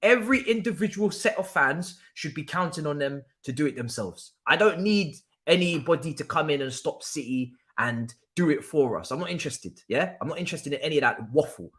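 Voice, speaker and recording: A man's voice: fairly high pitch, animated, brisk, few pauses, fairly bright tone. A young man hosting a football watchalong stream, ranting emphatically and repeating himself with laughs. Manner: emphatic, repetitive, laughing ranter. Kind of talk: casual ranting livestream chat.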